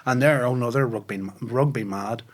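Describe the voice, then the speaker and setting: A man's voice: medium pitch, normal speed. A man, a podcast guest telling comic stories in a casual chat. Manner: animated anecdotes with voices and laughter.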